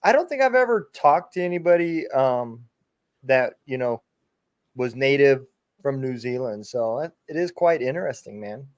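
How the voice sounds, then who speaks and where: A man's voice: mid-range voice, very animated, normal speed, no room sound. A man hosting a podcast, chatting casually and easily agreeing with his guest. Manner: easygoing, agreeable listener. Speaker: podcast host. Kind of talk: casual interview chat.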